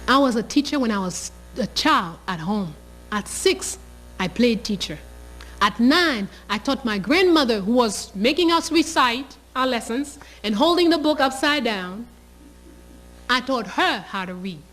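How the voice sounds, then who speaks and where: A woman's voice: a little high, animated, unhurried, fairly bright tone, a little hiss or hum, rough recording. A woman, telling a story with passion and emphasis. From Haiti. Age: 60s. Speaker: teacher. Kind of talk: storytelling interview.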